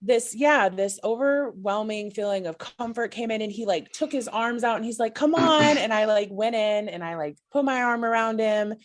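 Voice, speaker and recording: A woman's voice: fairly high pitch, moderate pace, few pauses. Giggly gushing woman telling a story. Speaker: podcast co-host. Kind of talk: excited storytelling chat.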